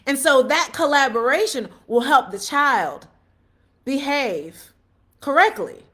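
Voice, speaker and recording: A middle-aged woman with a fairly high voice talks straight to her viewers about working with teachers. She tells stories with energy, acting out what people said. She keeps checking that her listener is following along. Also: slow pace. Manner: animated storytelling, laughs often, acts out quotes; repeats questions to the listener. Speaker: parent vlogger giving advice. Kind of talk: casual advice talk with retold anecdotes.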